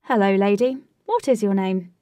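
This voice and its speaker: A woman voicing a flustered, excitable gentleman in a storybook reading, speaking high-pitched and loud. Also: normal speed, no room sound, distant mic, close to an everyday voice. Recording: dry, voice set back from mic.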